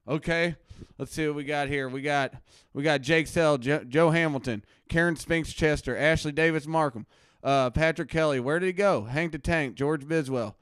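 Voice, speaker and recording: A man playing a preachy, self-righteous male anti-drug crusader doctor on a comedy live stream from his basement, ranting between low mutters and loud outbursts. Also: clear, resonant tone, no echo, clean studio sound. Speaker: host. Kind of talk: satirical live-stream rant. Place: home basement.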